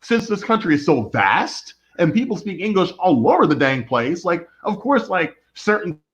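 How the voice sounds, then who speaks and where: A man's voice: high voice, very animated, moderate pace, fairly bright tone. A young man from the United States, co-hosting a podcast in casual chat and rambling with lots of "like". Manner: rambling, heavy on fillers like "like". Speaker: podcast co-host. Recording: dull lo-fi recording.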